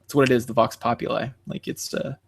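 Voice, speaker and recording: A man co-hosting a podcast in casual chat, rambling with many fillers and animated quoting. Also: medium pitch, fast talker, vocal fry, slightly rough. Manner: animated, jumps into quoting others. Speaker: podcast co-host.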